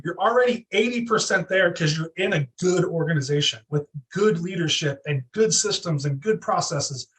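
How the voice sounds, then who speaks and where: A man being interviewed, telling stories fast and animated, acting out quotes in exaggerated voices. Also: sits high, far from the mic, low-quality recording. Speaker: real estate team leader, guest. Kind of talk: energetic storytelling interview.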